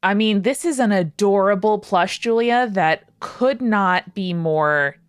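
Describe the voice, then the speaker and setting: A woman co-hosting a podcast in casual chat, animated and playfully dramatic. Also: medium pitch, unhurried, clean tone, dry recording, studio quality. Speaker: podcast co-host.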